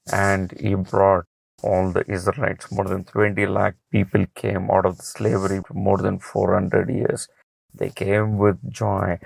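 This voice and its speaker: A man's voice: deep voice, vocal fry, darkish tone, dry recording, poor audio. A man with an Indian English accent retelling a scripture story as a morning devotion, earnest and plain, repeating each phrase for emphasis. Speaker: devotional speaker.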